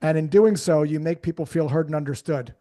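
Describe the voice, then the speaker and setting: Higher-voiced man explaining sales. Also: a little fast, warm tone. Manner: explains with examples, speeds up when making a point. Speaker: guest sales trainer. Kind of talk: casual podcast conversation.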